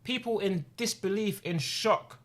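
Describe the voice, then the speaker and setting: A man's voice: sits high, a little slow, fairly bright tone. A man in his twenties talking on stream, earnest and impassioned, repeating phrases for emphasis. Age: 20s. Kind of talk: emotional personal talk on stream. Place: home streaming room.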